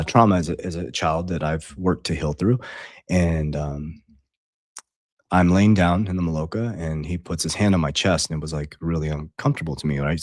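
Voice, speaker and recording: A middle-aged coach talks straight to his followers in a very deep voice, blunt and profane, circling back and restarting as he goes. The sound is dry and close. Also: a little mellow, dry recording. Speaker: online coach. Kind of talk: casual storytelling to followers.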